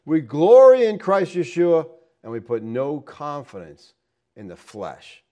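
Man teaching scripture, slightly high voice. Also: wildly swooping pitch, measured pace, mellow. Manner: explanatory, rhetorical questions to listeners. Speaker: Bible teacher. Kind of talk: verse-by-verse Bible teaching.

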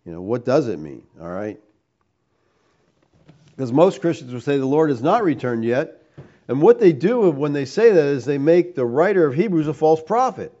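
A man's voice: on the high side, very animated, normal speed, warm tone, muffled recording. A man preaching a teaching sermon, emphatic, firing rhetorical questions and tagging points with "all right?".

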